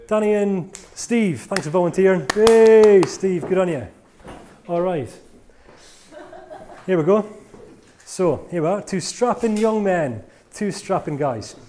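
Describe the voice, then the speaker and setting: A man leads a live seminar, playful and jokey, teasing the volunteers he calls up. His voice sits a touch high and swings widely in pitch, full of animation. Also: warm tone, a little hiss or hum. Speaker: motivational speaker. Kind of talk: live seminar talk to an audience.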